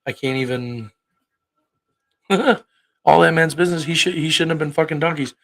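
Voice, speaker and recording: A man's voice: on the high side, normal speed, creaky, fairly bright tone, low-quality recording. Blunt, profane man in his thirties. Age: 30s. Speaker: livestream host. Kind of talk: casual livestream chat.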